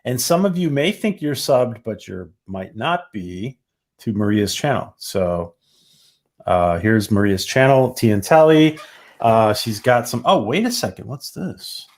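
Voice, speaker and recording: A man hosting a casual live-stream review, relaxed and enthusiastic, often pausing with fillers. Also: medium pitch. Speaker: show host.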